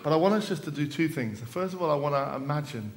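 A man's voice: on the high side, animated, quick pace, a little hiss or hum. A man giving an evening sermon at a church service, retelling a story with dramatic rises and falls and quoted lines. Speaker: preacher.

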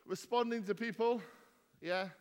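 A vicar with a high-sitting voice talks a little slowly while playfully quizzing the people at his church gathering. He teases and jokes, throwing bouncy questions to the crowd, all captured with the echoing reverb of a church hall.

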